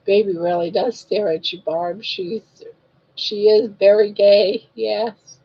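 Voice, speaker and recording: A woman's voice: medium pitch, flat delivery, takes it slowly, breathy edge. An older woman hosting a live crochet stream, chatting casually and cooing sing-song baby talk to her dog. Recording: dull lo-fi stream audio.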